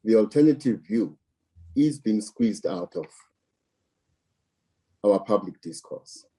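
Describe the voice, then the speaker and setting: A man from South Africa speaks slowly and deliberately, leaning on repeated words to drive his points home. His voice is deep and dark, with a husky edge. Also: expressive. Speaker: political commentator. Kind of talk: measured political commentary.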